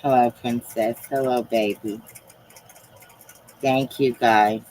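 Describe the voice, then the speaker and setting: A woman with a notably low voice speaks softly and haltingly from home, pausing often as she confides in her viewers. Her delivery is emotional and personal over a phone or webcam mic, with a faint hiss of noise underneath. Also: fairly even intonation, rough recording. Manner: soft-spoken and halting, with frequent pauses. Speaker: live streamer. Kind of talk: casual live-stream chat.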